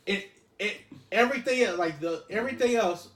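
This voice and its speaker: A man's voice: high-pitched, a little fast, a bit bright, echoey room. A man co-hosting a casual podcast chat, explaining his points through everyday examples. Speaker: podcast co-host.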